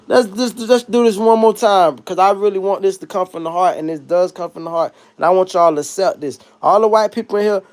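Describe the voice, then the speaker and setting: A man's voice: high voice, darkish tone. A man hosting a livestream, talking in a casual, profane and joking rant. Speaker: livestream host.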